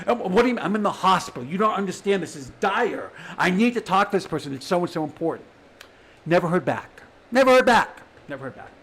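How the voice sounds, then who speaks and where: A man telling a raw personal story straight to his audience, swinging between quiet stretches and shouting as he voices the people around him. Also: high voice. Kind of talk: emotional personal monologue.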